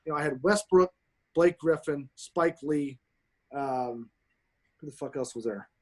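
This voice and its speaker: Slightly high-voiced man telling excited, profane stories. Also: measured pace. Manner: swears constantly, excited and emphatic. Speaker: podcast guest. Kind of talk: casual storytelling chat.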